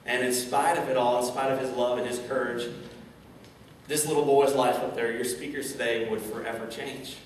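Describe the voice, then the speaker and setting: Speaking to a live crowd in a large event hall, a man delivers an inspirational keynote, sharing a personal story and talking straight to the audience as a motivational speaker. His medium-pitched voice shows little pitch movement at a moderate pace, captured by a distant mic with echo and slight hiss or hum.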